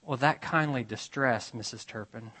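A male pastor delivers a storytelling sermon with a bright, forceful tone. He builds scenes with urgency, then drops to a hushed, deliberate hush to land a point. His pitch sits in an ordinary middle range. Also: husky, rough recording. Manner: dramatic retelling, swinging from urgent to hushed.

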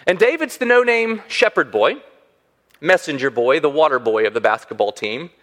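A man preaching a sermon as a pastor, animated and acting out the voices he quotes. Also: fairly high pitch, normal speed.

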